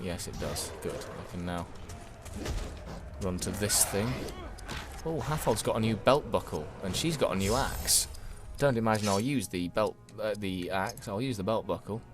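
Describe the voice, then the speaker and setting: A man giving chatty, self-deprecating commentary while streaming a game and answering chat. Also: sits low. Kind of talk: casual gameplay commentary.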